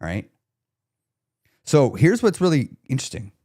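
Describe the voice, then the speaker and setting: A man's voice: mid-range voice, wildly swooping pitch, normal speed, a little mellow, husky. Emphatic man coaching on a live stream. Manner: emphatic, repeats key questions, checks in with viewers. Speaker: weight loss coach.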